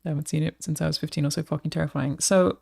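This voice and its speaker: A woman's voice: sits low, steady tone, very fast, vocal fry, darkish tone, slightly rough. An Australian woman streamer chatting casually with her live audience, swearing freely as she talks.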